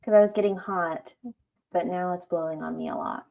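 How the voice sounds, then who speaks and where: A woman's voice: fairly low pitch, fairly even intonation, fairly quick, creaky. A woman co-hosting a livestream, chatting casually and often asking questions. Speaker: livestream co-host. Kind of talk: casual chat. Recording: dull lo-fi sound.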